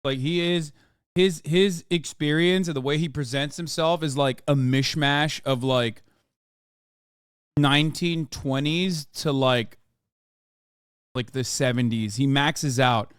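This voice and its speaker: A man's voice: a little high, takes it slowly, clear, resonant tone, dry recording, studio quality. A man hosting a stream, riffing and cursing casually as he reacts to a video. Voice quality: animated, profane, riffing.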